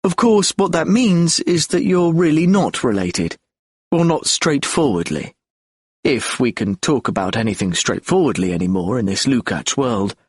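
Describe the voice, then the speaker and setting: A man's voice: mid-range voice, animated, moderate pace, husky, no room sound, studio quality. A man reading an audiobook of lecture transcripts in a reflective, argumentative lecture tone. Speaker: audiobook narrator.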